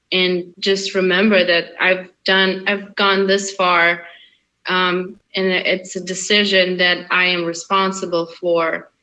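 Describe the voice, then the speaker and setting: A woman's voice: on the low side, pushed and bright, low-quality recording. A young woman with a light Russian accent, an actress guest on an interview podcast, talking in an earnest, emphatic way and often repeating phrases. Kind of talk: casual interview chat.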